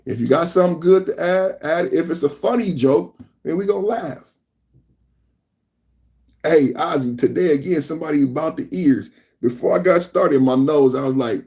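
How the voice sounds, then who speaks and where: A man's voice: fairly high pitch, moderate pace, darkish tone. A man in his fifties hosting a live podcast, talking casually and emphatically to his chat and calling them brother. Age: 50s. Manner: emphatic, calls listeners brother and bro. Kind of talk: casual live-stream talk.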